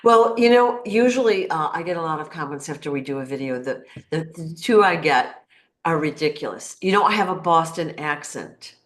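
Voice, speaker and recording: A woman hosting a casual interview, often affirming her guest with a quick yeah. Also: low voice, animated. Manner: affirming, with frequent yeahs. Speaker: interview host.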